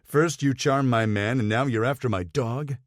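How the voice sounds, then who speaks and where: A man voicing a jealous, playful grown man who talks in a gruff, teasing way. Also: medium pitch, moderate pace, no echo, clean studio sound, lightly acted.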